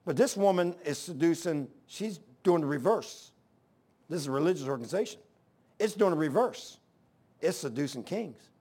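A man preaching a sermon, swinging between loud exhortation and low hushed asides. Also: animated, moderate pace, slightly rough. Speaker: pastor.

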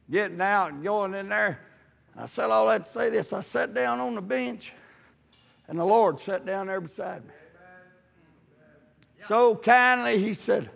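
An older man preaching a testimony sermon in folksy storytelling, sprinkling in amens and building to shouts. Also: sits high, creaky, big-room sound. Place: church sanctuary.

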